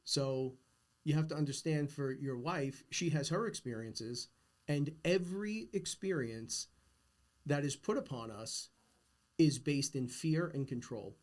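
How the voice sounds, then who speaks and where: Middle-aged male podcast host, earnest and emphatic, mid-pitched. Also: animated, unhurried, a little mellow. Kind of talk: casual conversation.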